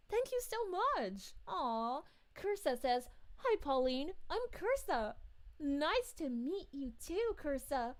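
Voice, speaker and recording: A woman voicing a cheerful, gushing female city mayor in an in-character livestream, bubbly, giggly and sweetly polite. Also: sits high. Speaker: VTuber streamer.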